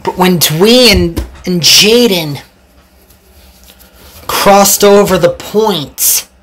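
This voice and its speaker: A woman narrating a storybook tale in a slow, animated reading. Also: fairly low pitch.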